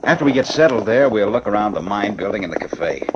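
A man playing a wry steady young husband. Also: lowish voice, fast talker, noisy background, close to an everyday voice. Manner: reassuring, wry, clipped radio delivery. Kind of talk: 1950s radio drama acting. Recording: dull 1950 radio recording.

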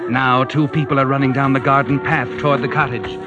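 A man's voice: mid-range voice, little pitch movement, brisk, dull audio, music in the background. A man narrating a 1940s radio drama in a suspenseful, present-tense style, on an old broadcast.

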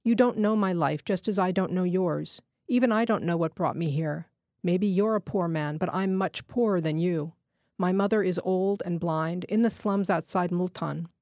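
A woman's voice: on the low side, normal speed, mellow, no room sound, studio quality, lightly acted. A woman reading a dying thief begging for mercy. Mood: pleading. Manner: begging, breathless and weak. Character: dying male thief, poor and pleading.

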